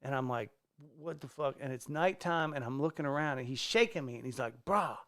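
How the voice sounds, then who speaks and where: Gravelly man telling a lively story. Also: medium pitch, fairly quick. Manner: animated, acts out quoted people, swears freely. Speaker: guest comedian. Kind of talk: casual storytelling. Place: podcast studio.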